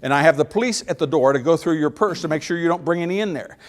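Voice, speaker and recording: A man's voice: fairly high pitch, quick pace. A middle-aged man giving a folksy speech, telling stories with acted-out dialogue and chuckling at his own jokes. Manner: animated storyteller, acts out little dialogues, laughs at own jokes. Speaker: speaker.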